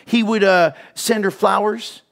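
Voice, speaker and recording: A man preaching a sermon to his church, telling stories with animated swings and dropping to soft whispers for emphasis. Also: sits high, a little slow, creaky. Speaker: pastor. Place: church hall.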